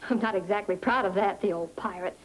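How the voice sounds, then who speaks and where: A woman's voice: mid-range voice, quick pace, lightly acted, poor audio. An actress playing a wry young woman in a 1940s film, breezy and wisecracking.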